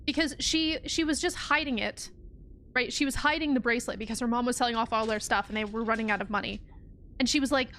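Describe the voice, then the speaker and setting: A woman's voice: a little high, fairly quick, a bit bright, a little hiss or hum. A young woman streaming a game, talking casually and animatedly, swearing often and sounding exasperated. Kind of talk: casual gameplay commentary.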